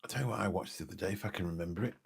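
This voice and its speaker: A very low-pitched English man in his fifties with a gravelly edge and a husky, rough tone. He chats on a late-night live stream, wandering from point to point and losing his thread as he answers viewers. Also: rapid-fire. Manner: rambling, forgetful, chatty, answers viewer comments. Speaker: live streamer and taxi driver.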